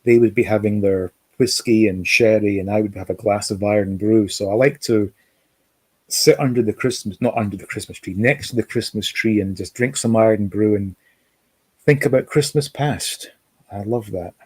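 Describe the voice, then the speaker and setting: A Scottish man living in America hosts a livestream from home, rambling casually, reading chat comments aloud and reminiscing. His voice is on the low side, steady and husky, at a moderate pace, in a dry recording.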